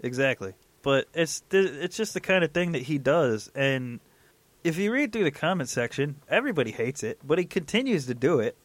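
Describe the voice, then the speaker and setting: A man's voice: fairly high pitch, big pitch swings, a little fast, no echo. A man in his thirties hosting a sports podcast, ranting in an irritated, casual way. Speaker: podcast host.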